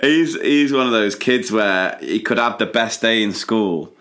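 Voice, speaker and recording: A man's voice: fairly low pitch, lively intonation, a little slow, fairly bright tone. Easygoing man co-hosting with laughs. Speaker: podcast co-host. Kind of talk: casual chat.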